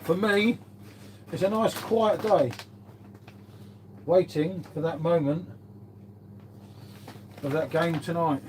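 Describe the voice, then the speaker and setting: A man's voice: a little high, steady tone, takes it slowly, pauses often, slight background noise. A British man hosting a casual livestream, chatting and swearing freely while greeting and answering viewers. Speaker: livestream host. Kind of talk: casual live-stream chat.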